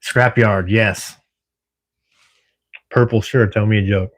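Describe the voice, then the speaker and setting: A man's voice: fairly low pitch, steady tone, slow pace. A middle-aged man from Washington State chatting casually with viewers on a livestream while at work at night, laughing easily and swearing now and then. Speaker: livestream host. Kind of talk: casual live-stream chat with viewers.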